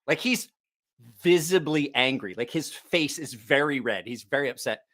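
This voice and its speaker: A man hosting a casual livestream chat, telling a profane story with lots of laughter and animated asides. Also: mid-range voice, moderate pace. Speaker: knife channel host.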